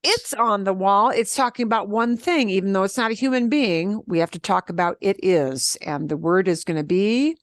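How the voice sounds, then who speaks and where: A woman teaching a beginner Spanish class, explaining step by step in an animated way and laughing often. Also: mid-range voice, normal speed, few pauses, no room sound, studio quality. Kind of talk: beginner language lesson.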